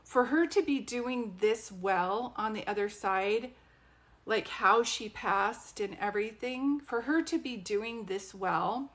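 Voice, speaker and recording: A woman's voice: a little high, slow pace, a bit bright. Chatty woman giving psychic readings. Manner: chatty and rambling, asks viewers questions. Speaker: psychic medium. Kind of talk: live social media readings.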